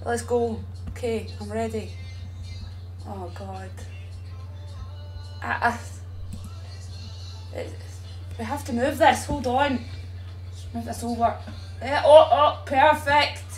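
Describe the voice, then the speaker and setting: A woman's voice: on the high side, steady tone, takes it slowly, long pauses, faint music behind. A young woman chatting casually and bluntly to her viewers on a live stream, swearing freely, into a streaming microphone at home.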